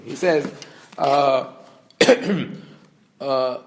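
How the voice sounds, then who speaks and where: Middle-aged male rabbi, slightly high voice, teaching a scripture class with dry humor and lots of ums; chants verses fast. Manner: explains with dry humor and frequent fillers; reads verses quickly in a chant. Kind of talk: Torah class lecture.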